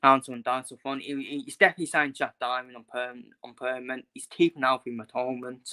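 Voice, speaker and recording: A man's voice: mid-range voice, flat delivery, quick pace, pushed and bright, smooth. A young man ranting casually in his own vlog, frustrated and blunt, repeating himself and swearing. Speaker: football fan vlogger. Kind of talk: casual opinion rant.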